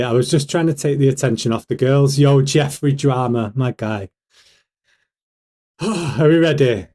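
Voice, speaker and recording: A man's voice: medium pitch, dark tone. A British man hosts a casual livestream in a hyped, rhetorical way. He keeps throwing questions at his viewers and pushes the pace. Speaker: livestream host.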